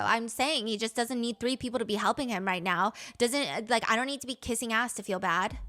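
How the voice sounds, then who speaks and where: A woman's voice: a little high, brisk, few pauses, a bit bright. A woman telling a story to friends in a casual chat, reading text messages aloud and adding exasperated commentary.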